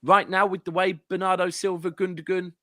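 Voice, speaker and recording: A man's voice: high voice, flat delivery, a little fast, bright, forceful tone, dry recording, studio quality. A man with a southern English accent, a guest football fan ranting animatedly and swearing in casual podcast chat. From southern England.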